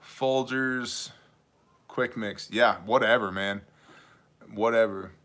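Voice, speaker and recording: A man's voice: fairly low pitch, slow pace, fairly bright tone. A man from New York hosting a casual livestream, joking and rambling through stories while answering chat questions. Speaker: livestream host.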